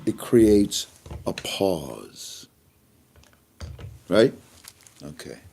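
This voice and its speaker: A man talks through his commentary in a loose, mocking way, with a pitch that swings widely. He chuckles between remarks and keeps acting out quick back-and-forth exchanges. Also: vocal fry, husky. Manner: animated, mocking, acts out dialogues. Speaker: online commentator. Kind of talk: casual political commentary.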